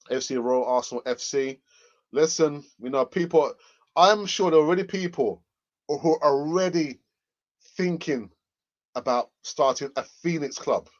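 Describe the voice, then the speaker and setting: A man hosting a football fan livestream in casual chat. He is excitable and often repeats his phrases for emphasis. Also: fairly high pitch, measured pace, pauses often, muffled recording. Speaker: football fan channel host.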